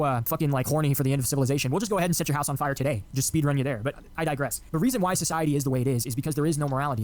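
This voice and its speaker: Fast, heated ranting man. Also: fairly high pitch. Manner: heated, profane, mocking. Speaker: online commentator. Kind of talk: angry political rant.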